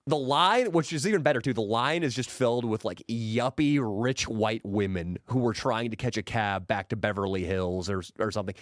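A man telling a crude story in a casual podcast chat, profane and animated. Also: normal speed, few pauses, no room sound, clean studio sound. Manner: animated, profane, mimics people in high put-on voices. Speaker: podcast guest.

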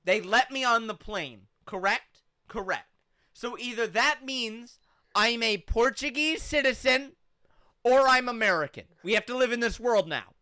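A man's voice: extremely high pitch, a little slow, sharp tone, clear, resonant tone, no room sound, studio quality. A man co-hosting a podcast, telling a comic story and acting out both sides with big swings in his voice. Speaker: podcast co-host.

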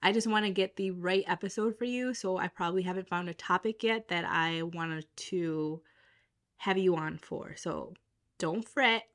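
A woman's voice: fairly low pitch, moderate pace, fairly bright tone. A young adult woman hosting a podcast in casual chat, with a stuffy nose from a cold, upbeat and chatty, often laughing at herself. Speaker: podcast host.

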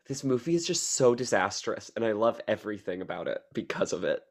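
A man's voice: lowish voice, sing-song, brisk, vocal fry. A man co-hosting a podcast, gushing about a movie with enthusiasm and dry teasing in casual chat, recorded over a remote call. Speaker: podcast co-host.

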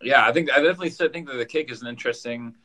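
A man's voice: medium pitch, rapid-fire, pushed and bright, rough recording. A man co-hosting a casual podcast, recapping an episode in a rambling way and repeating words as he goes. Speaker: podcast co-host.

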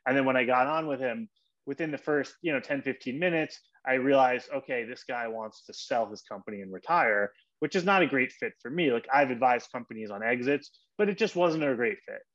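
A man hosting his own podcast, giving an energetic coaching monologue and acting out short example voices. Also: medium pitch, a little fast, lo-fi sound. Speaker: podcast host.

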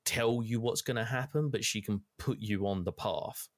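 Low-voiced man, rambling gamer chat. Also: normal speed, dry recording, studio quality. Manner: rambling, filler-heavy storytelling, swears casually. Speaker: gamer recapping play. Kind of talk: casual chat.

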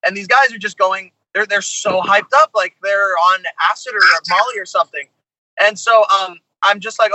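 A man with a high, very bright and cutting voice tells a tour story as a podcast guest. He talks in an animated way, full of asides. The sound is close and dry. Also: normal speed, no room sound, low-quality recording. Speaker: touring musician guest.

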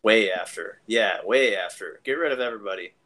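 A man's voice: lowish voice, a little fast, bright, forceful tone. A man co-hosting a casual podcast chat, joking and acting out silly quotes. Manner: jokey, acts out quotes in silly voices. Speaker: podcast co-host.

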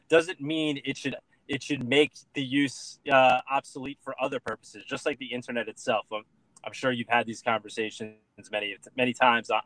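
An earnest man speaking as a guest in a relaxed interview, mid-pitched and steady. He leans on fillers and repeats himself as he works through his points. His voice sounds dry and close, with almost no room sound. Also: no echo, rough recording. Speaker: guest, political candidate. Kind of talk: casual interview chat.

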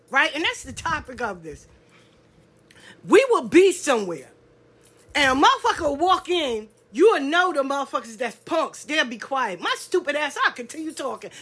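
A woman hosts a casual podcast, talking bluntly and full of profanity. Her voice sits high and bright. She swings widely in pitch and mimics the people she talks about. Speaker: podcast host. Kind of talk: casual solo podcast rant.

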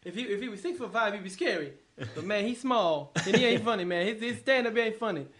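A man doing an impression of a brash, boastful comedian, with laughing, high-pitched jive talk. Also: fast talker, a bit bright. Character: impression of a famous American comedian, brash and playful.

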